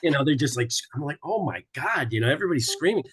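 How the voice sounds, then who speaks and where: A man in a casual group chat, telling family stories with animated mimicry of relatives shouting. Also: a little high, rapid-fire, husky. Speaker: group participant.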